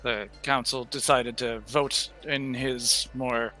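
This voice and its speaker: A man voicing an elderly, gentle and worried temple priest who talks haltingly, with many restarts and sighs. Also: mid-range voice, steady tone, faint music behind. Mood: weary, grave. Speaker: game master. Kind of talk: in-character tabletop roleplay.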